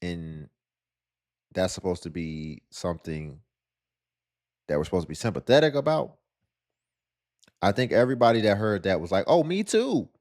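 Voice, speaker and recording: A man's voice: low-pitched, normal speed, pauses often, darkish tone. A man giving sarcastic, lecturing reaction commentary on a video clip.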